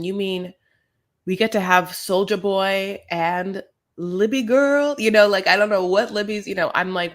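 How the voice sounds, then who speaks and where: A man's voice: high-pitched, a bit bright. A man co-hosting a podcast, recapping a reality show in a campy, gossipy way with dramatic asides. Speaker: podcast co-host.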